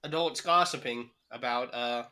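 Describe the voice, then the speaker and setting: A man co-hosting a comedy podcast, laid-back and halting, with frequent fillers. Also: mid-range voice, sharp tone. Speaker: podcast co-host. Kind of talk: casual comedic chat.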